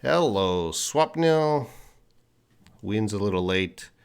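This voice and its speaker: Man, teacher, slow-paced, lowish voice, hesitant fillers, friendly viewer greetings. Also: animated, creaky, clear, resonant tone. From Canada. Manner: greets viewers by name, explains patiently, hesitant with fillers and restarts. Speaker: English teacher. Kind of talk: live-streamed English lesson reading viewer chat. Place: indoor room at a desk with a board.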